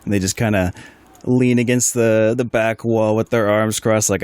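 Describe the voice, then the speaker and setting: A man's voice: on the low side, steady tone, moderate pace, a little mellow, clear, resonant tone, no room sound. A man narrating as game master of a tabletop role-play in a rambling, chatty way. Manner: rambling, chatty, many fillers and asides.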